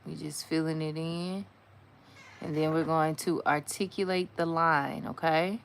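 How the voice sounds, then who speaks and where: A low-pitched woman talks slowly and easily through a nail art tutorial. She chats to her viewers in a slangy, casual way and sometimes sinks to a near whisper as she focuses on the detail work. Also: steady tone, slight background noise. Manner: chatty, slangy, talks to viewers while working; drops to a whisper while concentrating.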